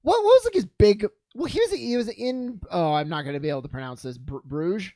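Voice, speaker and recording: A podcast co-host in casual chat who rambles excitedly and laughs often. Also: medium pitch, fairly quick, dry recording, studio quality.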